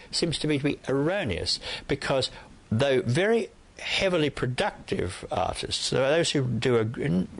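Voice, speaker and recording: An older man from Australia, a poet guest in an interview, talking in a hesitant way with many restarts. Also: mid-range voice. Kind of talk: interview conversation.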